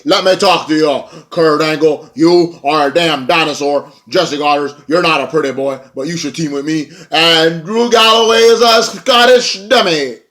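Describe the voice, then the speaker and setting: A man's voice: on the high side, moderate pace, few pauses, fairly bright tone, voice pushed up, close to an everyday voice. A man mimicking a cocky trash-talking wrestler. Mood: taunting.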